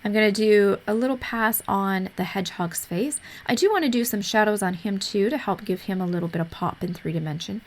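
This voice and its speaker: A woman narrating a coloring tutorial in an easygoing, explanatory way, a little hoarse as she is losing her voice. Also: medium pitch, brisk, few pauses. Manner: easygoing, explanatory, with frequent fillers. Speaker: art tutorial host.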